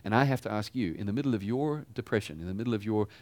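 Lower-voiced man preaching conversationally. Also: lively intonation, racing, darkish tone. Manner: conversational preaching with rhetorical questions. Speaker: pastor. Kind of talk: sermon.

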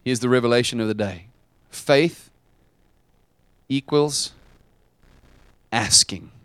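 A man preaching a sermon as pastor, dramatic, swinging from quiet asides to shouted lines. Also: medium pitch, slow pace, clear, resonant tone, no echo.

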